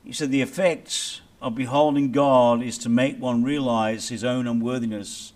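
A man preaching a sermon as pastor, reading scripture and building to loud dramatic peaks before dropping low. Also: fairly even intonation, normal speed. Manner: dramatic preaching with big swings in loudness.

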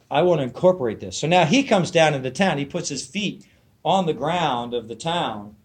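A man telling a teaching story to a small group, asking them questions and acting out what his characters say. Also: fairly high pitch. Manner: storytelling, asks the listeners questions, acts out quotes. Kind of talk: spoken dharma talk to a small group.

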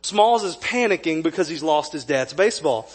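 A man preaching a sermon as pastor, joking and conversational, then dropping to a quiet, earnest tone. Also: on the high side, animated, moderate pace, breathy edge.

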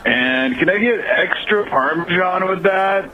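A man's voice: high voice, lively intonation, highs cut off, voice pushed up. A man voicing a confused caller ordering pizza, hesitant and flirty, with background noise. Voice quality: hesitant, halting.

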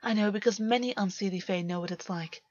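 A woman voicing a cunning, taunting male fae who speaks in a soft, mocking croon. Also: medium pitch, quick pace, lo-fi sound, lightly acted. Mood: crooning menace.

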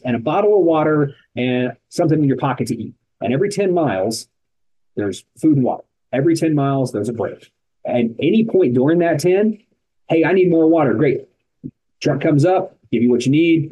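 A man speaks as a guest on a casual podcast, telling stories in short, emphatic bursts. His voice is dark and mellow with a husky edge. He sounds energetic and driven. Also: mid-range voice, low-quality recording. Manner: energetic, emphatic storytelling in short punchy sentences. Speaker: founder of an endurance rucking organization, guest.

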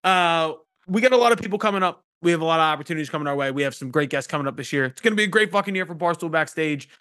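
A man's voice: on the high side, animated, rapid-fire, pushed and bright, smooth. A man hosting a podcast, telling loose, profane stories in casual chat. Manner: loose, profane storytelling with laughs. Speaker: podcast host.

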